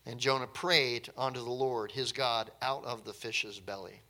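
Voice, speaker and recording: A man's voice: medium pitch, fairly even intonation, normal speed, pushed and bright. A man preaching a sermon in a conversational, emphatic way, with light chuckles now and then.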